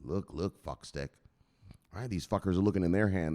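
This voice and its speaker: A man's voice: low-pitched, normal speed, dark tone. A man hosting a crypto news channel in profane, joking, rambling casual commentary.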